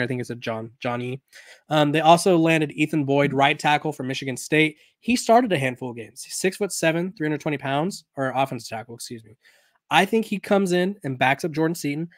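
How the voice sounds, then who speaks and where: A man's voice: on the high side, fairly quick, dry recording, studio quality. A man hosting a sports podcast in a casual, conversational way, often restarting and correcting himself, while he has the hiccups. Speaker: podcast host.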